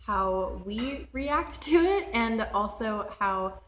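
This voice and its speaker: A woman's voice: on the high side, animated, slow pace, fairly bright tone, slight background noise. A young woman, a student, answering an interview casually and eagerly. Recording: roomy echo.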